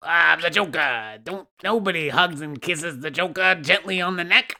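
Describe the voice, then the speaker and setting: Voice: mid-range voice, moderate pace, vocal fry, sharp tone, pitched above the performer's own voice. A podcaster doing a goofy impression of a cackling male villain clown who gets flustered by a hug. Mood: giddy. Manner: over-the-top, swooning, laughing.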